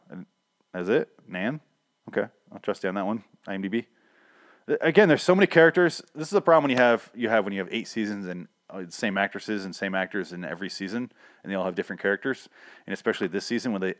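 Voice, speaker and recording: A man with a somewhat low voice talks through a TV episode in a loose, rambling way. He swears freely, loses his train of thought and breaks into laughs. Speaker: podcast host recapping a TV show. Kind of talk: casual profane recap monologue.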